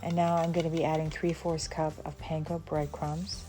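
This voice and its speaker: A woman from the Southern United States with a low-sitting voice, a level tone and normal speed hosts a cooking channel. She chats casually through a recipe in a demonstration voice-over, with fillers and small laughs.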